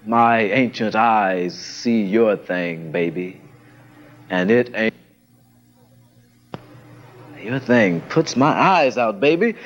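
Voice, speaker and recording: A man's voice: lowish voice, animated, slow pace, long pauses. A man reciting spoken word poetry with a dramatic delivery that swells and drops. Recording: dull lo-fi vintage recording.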